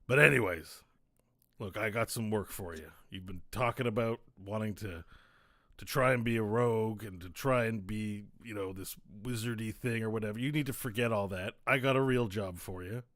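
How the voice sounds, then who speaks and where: A man playing a gruff one-legged father. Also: mid-range voice, normal speed, fairly bright tone, no room sound, lightly acted. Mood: stern. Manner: scolding, blunt, threatening.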